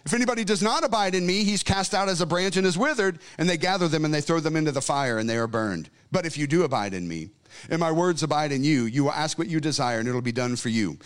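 Fervent preacher man with a lively pitch. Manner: fervent, swings from quiet to loud; conversational storytelling. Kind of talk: sermon. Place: church service.

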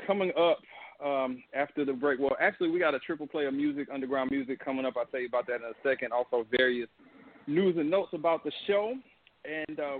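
A man hosting a casual radio show, teasing his co-hosts and laughing often. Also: mid-range voice. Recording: phone-like lo-fi line.

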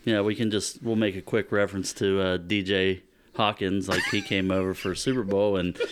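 A man's voice: on the low side, clean tone. A man who is a father, a guest on a podcast at his own home, talking bluntly and swearing casually.

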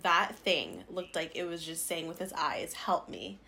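A woman's voice: on the low side, expressive, normal speed, bright, forceful tone, slight background noise. A young woman from Las Vegas, co-hosting a podcast and telling stories in a chatty way, often laughing. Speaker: podcast co-host. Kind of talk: casual chat.

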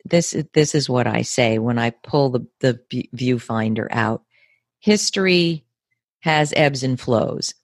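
A woman in her fifties with an American accent, speaking as an interview guest in a measured, emphatic way, often repeating words for stress. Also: extremely low pitch, no echo, clean studio sound. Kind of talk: earnest conversational interview.

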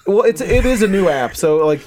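A man hosting a casual podcast chat in a relaxed, hesitant way, with many ums. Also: high voice, fairly quick, slight background noise. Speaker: podcast host.

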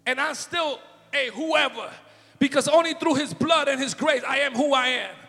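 A man preaching a fervent sermon in a church, shouting and calling out hallelujahs. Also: extremely high pitch, moderate pace, vocal fry. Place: church sanctuary. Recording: long hall reverb with faint music.

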